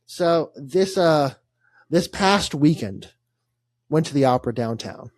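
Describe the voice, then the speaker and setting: A man's voice: a little high, lively intonation, slow pace, no room sound. A young man, co-hosting a casual sports podcast and telling a rambling story full of laughs and fillers. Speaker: podcast co-host.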